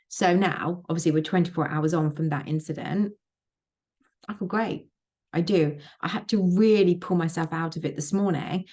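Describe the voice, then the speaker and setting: A woman's voice: lowish voice, steady tone, normal speed, dark tone. A woman coaching on manifestation in a casual motivational vlog, emphatic, repeating phrases and swearing freely.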